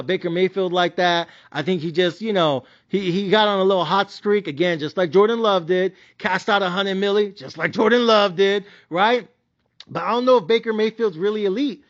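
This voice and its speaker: Young man, Mexican-American accent, high voice, profane animated rant, muffled lo-fi sound. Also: moderate pace. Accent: Mexican-American English with Spanish interjections. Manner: profane, animated ranting, yells at times. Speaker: sports betting vlogger. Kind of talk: casual ranting commentary.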